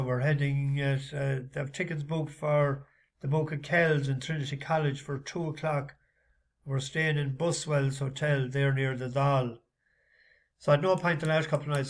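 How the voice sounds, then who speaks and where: A man chatting casually in a vlog as a horse racing tipster, rambling with lots of halting fillers. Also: on the high side, flat delivery.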